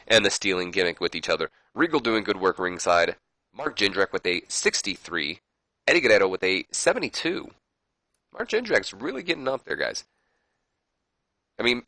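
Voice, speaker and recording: A man's voice: on the low side, bright, forceful tone, no room sound, low-quality recording. A young man casually commenting on his wrestling sim playthrough in a rambling, self-deprecating way. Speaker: gaming video host.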